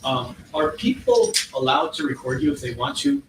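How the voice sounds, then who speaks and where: A man's voice: a little high, wildly swooping pitch, normal speed, vocal fry. A man cross-examining a witness in court, asking pointed questions and pressing for yes-or-no answers. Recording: echoey courtroom from far off, noisy.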